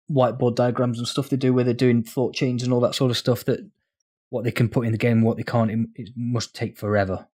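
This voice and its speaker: A man's voice: medium pitch, a little mellow. A man co-hosting a casual gaming podcast, rambling and sweary with frequent laughs. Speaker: podcast co-host.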